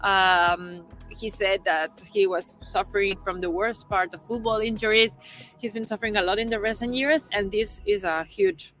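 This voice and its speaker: A woman's voice: medium pitch, fairly even intonation, normal speed, a bit bright. Woman, live-stream co-host, earnest, faint music behind. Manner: earnest, slips into Spanish phrases. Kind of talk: casual live-stream chat. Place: studio.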